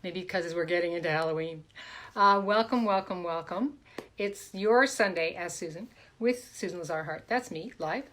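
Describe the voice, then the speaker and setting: A woman hosting a live stream as a coach, talking casually and warmly greeting viewers by name with repeated welcomes. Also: fairly low pitch, normal speed. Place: home, in a room.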